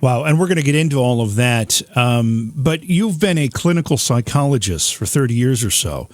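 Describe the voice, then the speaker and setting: A man's voice: mid-range voice, expressive, normal speed, dry recording. A man hosting a talk show who says he is losing his voice, talking informally with fillers and restarts. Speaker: host.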